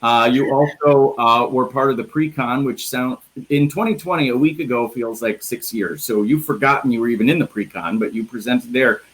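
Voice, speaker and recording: Medium-pitched and moderately paced, a Midwestern man talks with hardly any pauses while hosting a casual live interview by video call. He jokes around and keeps restarting his phrases, and the recording quality is low.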